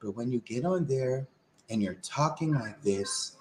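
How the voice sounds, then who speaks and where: A man from Queens, co-hosting a political podcast in a blunt, profane, animated way. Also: mid-range voice, a little slow, slight background noise, rough recording. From Queens, New York. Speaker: co-host. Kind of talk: casual political podcast chat.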